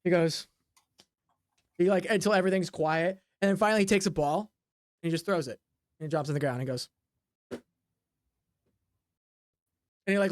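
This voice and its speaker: A woman's voice: mid-range voice, no room sound, clean studio sound. A woman narrating as game master of a tabletop game, rambling with many fillers and sound effects. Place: home desk.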